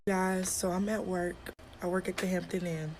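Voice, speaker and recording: A woman's voice: lowish voice, flat delivery, moderate pace, over loud music. A young woman vlogging from her hotel front-desk job, upset and close to tears as she tells what happened. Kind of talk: vlog storytime. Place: at work in a hotel.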